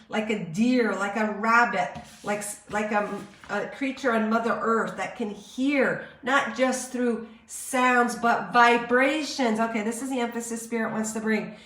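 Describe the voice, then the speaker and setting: A woman giving a live-streamed channeled spiritual message in a slow, searching, meditative way. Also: on the high side, a bit bright, roomy sound.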